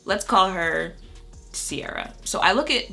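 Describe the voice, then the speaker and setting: Gravelly, bright-voiced chatty young woman. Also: mid-range voice, expressive, a little slow, faint music behind. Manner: chatty, heavy on fillers like "you know" and "like". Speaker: beauty YouTuber. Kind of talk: casual storytime vlog.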